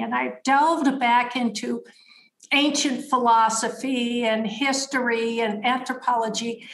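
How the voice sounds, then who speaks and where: Woman, 70s, a little scratchy, higher voice, thoughtful guest, roomy sound. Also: a bit bright. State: slightly scratchy voice. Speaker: guest, author. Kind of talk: conversational storytelling.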